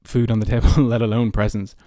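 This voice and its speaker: This early-twenties Irish-accented man has a lowish, dark voice with little pitch movement and a quick pace, captured dry at studio quality. Hosting a podcast, he rambles casually through personal stories full of "like" and "you know."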